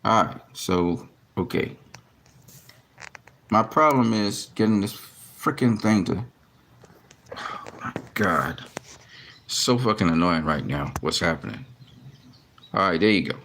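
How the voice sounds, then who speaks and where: A man's voice: low-pitched, animated, slow, long pauses, fairly bright tone, a little hiss or hum. Fed-up man ranting to his camera. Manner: frustrated, heavy swearing, many restarts. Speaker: boxing commentary vlogger. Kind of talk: casual talk to camera.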